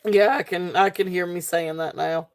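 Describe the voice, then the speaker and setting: This live-stream seller from the Southern United States has a fairly low-pitched voice and fairly even intonation, talking at a moderate pace. She's casual and chatty, with many ums and frequent giggling.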